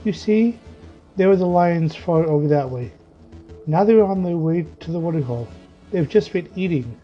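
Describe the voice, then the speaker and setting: A man's voice: fairly high pitch, expressive, normal speed, natural voice. A man voicing an anxious, frightened wife in a read-aloud story, speaking in a pleading manner. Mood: uneasy. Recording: muffled lo-fi with faint music.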